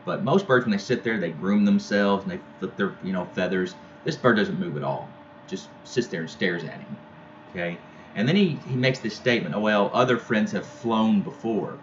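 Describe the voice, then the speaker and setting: A man's voice: fairly low pitch, moderate pace, highs cut off, a little hiss or hum. A man teaching a poetry lesson in a loose, conversational way, with frequent fillers and restarts.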